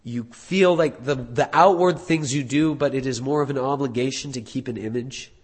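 A man preaching a sermon as pastor, earnest, building to emphatic peaks and dropping low again. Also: moderate pace. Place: church sanctuary. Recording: husky voice in long hall reverb.

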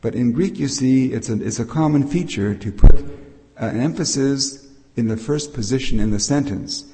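An older man preaches a Bible teaching sermon with a warm, mid-range voice at a moderate pace, patiently explaining and often restarting. The hall recording has long reverb and a slight background noise.

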